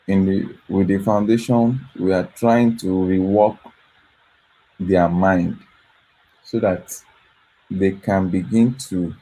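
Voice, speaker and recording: A man's voice: sits low, mellow, low-quality recording. A man running a foundation, talking earnestly in a late-night video, tired and yawning, repeating his words with gratitude. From Africa. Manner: repetitive, earnest, grateful. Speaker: foundation host.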